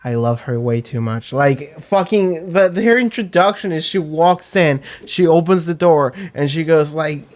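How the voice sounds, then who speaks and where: A man giving casual anime reaction commentary from a home setup, rambling excitedly with lots of fillers and swearing. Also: on the high side, measured pace, few pauses.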